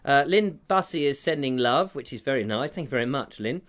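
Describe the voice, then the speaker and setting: A man's voice: mid-range voice, expressive, brisk, a bit bright. A man hosting a live stream, reading out viewer comments in a jokey, rambling, self-mocking way. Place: home room with a fire.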